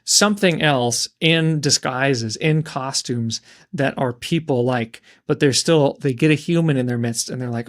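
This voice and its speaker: A man's voice: mid-range voice, unhurried. A man co-hosting a book podcast, talking through a story in a thoughtful way and sometimes searching for words. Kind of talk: casual book discussion.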